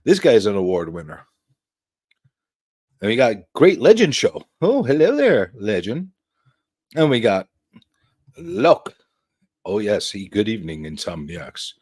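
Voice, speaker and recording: A man's voice: fairly low pitch, wildly swooping pitch, normal speed, a little mellow, slightly rough. A man hosting a casual livestream talk show, joking with his panel, swearing freely and drawing out his points with emphatic asides.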